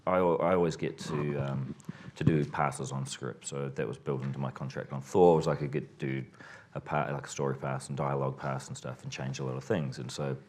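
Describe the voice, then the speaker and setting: A man answering interview questions as a filmmaker, relaxed and rambling, often restarting his sentences. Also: very deep voice, fairly quick, hardly any pauses. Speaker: filmmaker guest.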